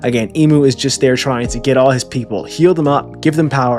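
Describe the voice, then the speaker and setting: A man's voice: mid-range voice, a little fast, few pauses, a little mellow, soft background music. A man casually reacting to a comic chapter, rambling and joking with profanity and stammering repeats. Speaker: manga chapter reviewer.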